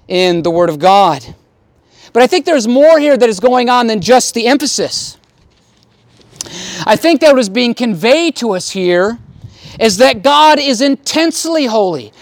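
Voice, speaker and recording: A man's voice: high-pitched, no echo. A man preaching a sermon, pressing his points with repetition and swelling, then dropping his voice for stress. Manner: emphatic preaching, rising and falling for stress. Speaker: pastor. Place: outdoor service near a tent.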